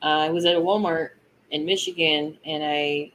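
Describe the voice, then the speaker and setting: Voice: mid-range voice, fairly even intonation, normal speed, a bit bright, slight background noise, rough recording. A co-host in a casual live chat, chatty, often laughing and losing the thread mid-thought.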